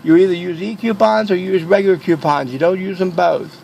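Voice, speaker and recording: A man's voice: high-pitched, a little fast, gravelly, darkish tone, a little hiss or hum, voice pushed up. A man doing a curt, rule-bound store clerk. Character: curt rule-bound supermarket employee, adult.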